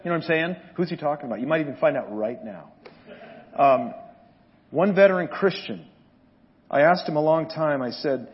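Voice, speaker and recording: A man preaching a sermon as pastor, telling animated, joking stories to his congregation. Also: sits high, muffled recording. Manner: animated storytelling, jokes with the congregation.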